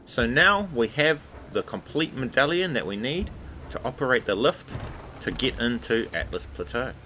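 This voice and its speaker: A man casually narrating a game walkthrough over gameplay in a relaxed, chatty way. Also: medium pitch, moderate pace, slight background noise, low-quality recording. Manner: relaxed, chatty, repeats filler words like "obviously".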